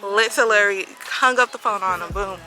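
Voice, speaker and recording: Bright-voiced young woman telling a story. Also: medium pitch, normal speed, faint music behind, poor audio. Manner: animated, dramatic retelling that acts out quoted voices. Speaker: vlogger. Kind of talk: casual storytime vlog.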